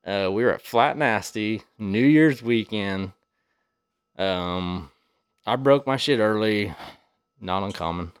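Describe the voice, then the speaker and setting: A man's voice: lowish voice, takes it slowly, pauses often, smooth, no echo. Guest man, easygoing storyteller who swears a lot. Dry, close mic. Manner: laid-back, cusses freely. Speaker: podcast guest. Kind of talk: casual storytelling.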